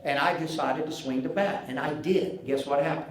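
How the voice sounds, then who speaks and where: A man's voice: fairly high pitch, moderate pace, few pauses, a crowd in the background. A man in his sixties with a Southern US accent, telling a humorous story at a banquet and acting out the dialogue. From American South. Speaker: banquet speaker, former pitcher. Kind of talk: humorous after-dinner storytelling. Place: large banquet hall. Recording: very echoey banquet hall.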